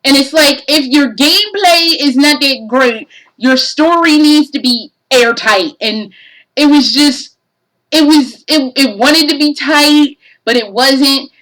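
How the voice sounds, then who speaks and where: A woman's voice: sits high, slow, fairly bright tone, rough recording. A woman giving a casual game review, profane and exasperated, ranting animatedly.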